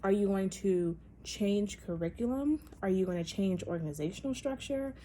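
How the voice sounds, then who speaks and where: A woman talks her way through a casual opinion monologue with plenty of emphasis and life, tripping over fillers and restarting her sentences. She sits in the middle of the usual female pitch range. A faint hiss of noise hangs under her voice. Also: lively intonation, moderate pace, mellow. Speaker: podcast host.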